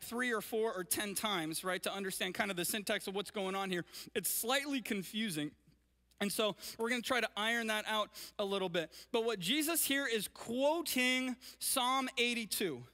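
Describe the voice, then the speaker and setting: A male pastor preaching a sermon and reading scripture, energetic and often checking in with his listeners. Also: sits high. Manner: energetic, keeps checking in with "right?". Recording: long reverb of a large hall.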